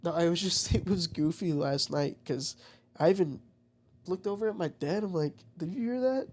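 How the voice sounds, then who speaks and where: A man's voice: fairly high pitch, moderate pace, darkish tone. A man chatting casually and telling a profane, rambling story with lots of swearing. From United States. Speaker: vlogger. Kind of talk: casual chat.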